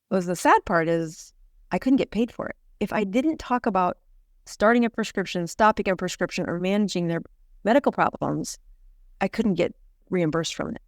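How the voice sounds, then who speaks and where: Brief: middle-aged woman doctor, lively storyteller who laughs a lot, mid pitch, dry sound. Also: no echo. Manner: animated storyteller, laughs often. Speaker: physician and podcast guest. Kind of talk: storytelling in a podcast interview.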